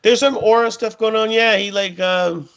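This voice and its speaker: A man breaks down football matchups in loose, rambling casual talk, piling on fillers and jokes. His voice sits slightly high, and the recording sounds muffled and lo-fi. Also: fairly even intonation, moderate pace, fairly bright tone. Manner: rambling, filler-heavy, joking. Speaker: podcast co-host. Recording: muffled lo-fi audio.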